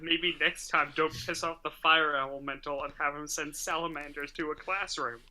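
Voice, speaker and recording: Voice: mid-range voice, steady tone, bright, forceful tone. A player in a tabletop role-playing game, talking casually and joking often. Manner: playful, quick to joke.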